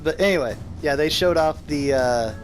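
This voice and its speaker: A man hosting a casual let's play, joking lively with his co-player. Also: a little high, normal speed. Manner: lively, joking, reads game dialogue aloud. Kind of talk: casual gameplay chat. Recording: faint music behind.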